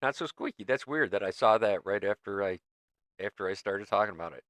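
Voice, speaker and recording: A man's voice: lowish voice, lively intonation, a little fast, fairly bright tone, no room sound, studio quality. A man hosting a livestream, chatting casually to his viewers in a loose, rambling way. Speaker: livestream host.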